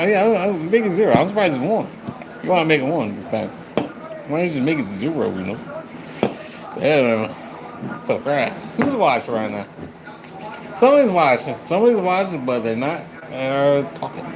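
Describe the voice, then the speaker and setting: A man chatting on a live stream, rambling and swearing as he talks to his viewers. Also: a little high. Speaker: livestreamer. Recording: noisy background.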